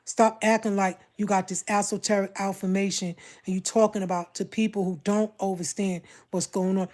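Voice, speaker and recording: A woman's voice: medium pitch, little pitch movement, normal speed, hardly any pauses, mellow. A woman from Brooklyn with a Brooklyn accent, talking bluntly and confrontationally on a casual livestream. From Brooklyn, New York.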